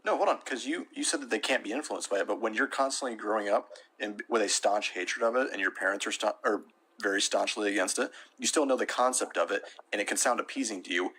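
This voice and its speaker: A man's voice: lowish voice, quick pace, sharp tone, breathy edge, poor audio. A man calling in to a debate, arguing his point and insisting on finishing it. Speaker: debate caller. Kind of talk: heated argument.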